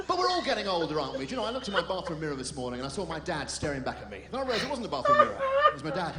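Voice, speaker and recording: Comedian firing off deadpan puns. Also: male voice, high-pitched, roomy sound, heavy background noise. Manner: rapid deadpan one-liners and puns. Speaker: stand-up comedian. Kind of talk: stand-up comedy set. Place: theater stage.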